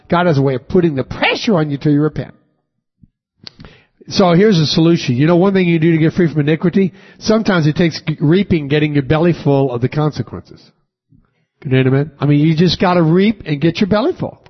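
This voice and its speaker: A man's voice: on the high side, husky, muffled recording. A man preaching a sermon, reading scripture aloud and quizzing the congregation with questions and rising emphasis. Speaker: pastor. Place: church sanctuary with congregation.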